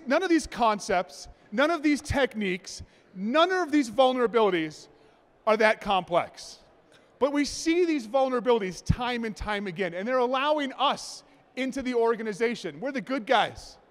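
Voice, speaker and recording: A male speaker delivers a conference talk, joking and acting out anecdotes with plenty of energy. His voice sits unusually high for a man. A long reverb from the hall trails after his words. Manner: animated, joking storyteller. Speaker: conference presenter.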